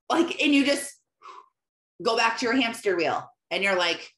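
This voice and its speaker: A woman's voice: fairly high pitch, lively intonation, normal speed, a bit bright. Woman life coach talking live, emphatic and chatty, roomy echo around her. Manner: emphatic, conversational, repeats phrases. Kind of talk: live motivational coaching talk.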